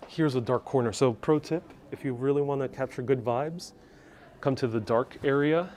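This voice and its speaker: A man talks casually through a live stream from a skyscraper observation deck, pointing out the views. He is chatty and friendly with viewers, reading their comments aloud. His voice sits at a medium pitch and is picked up close on a clip-on mic. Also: normal speed, darkish tone, slight background noise. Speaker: live-stream tour guide. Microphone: wireless clip-on mic with phone on gimbal.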